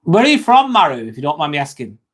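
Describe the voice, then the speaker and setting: A man's voice: fairly high pitch, wildly swooping pitch, quick pace, a bit bright. Chatty English man with a raised voice. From England. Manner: chatty, greets viewers by name, swears casually. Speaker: live streamer. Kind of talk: casual livestream chat, answering viewer comments.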